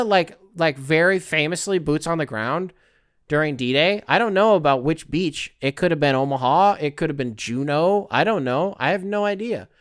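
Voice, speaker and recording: Male solo podcast host, slightly high, smooth clean voice, dry close sound, rambling and profane. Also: a bit bright, no room sound. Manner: rambling, profane, tongue-in-cheek. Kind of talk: casual solo commentary.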